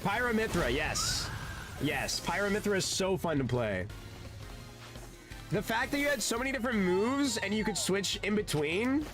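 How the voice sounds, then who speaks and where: Man streamer, slightly high voice, swinging pitch, rambling laid-back chatter, game music playing behind. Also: animated, normal speed. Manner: rambling and laid-back, swears, says "dude" often. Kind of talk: casual gaming stream chat.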